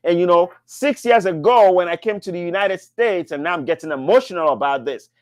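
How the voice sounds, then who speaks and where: A man hosting a live business-mentoring show, answering questions with an emphatic, repetitive motivational sales pitch. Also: fairly quick, hardly any pauses, a little mellow, dry recording, studio quality.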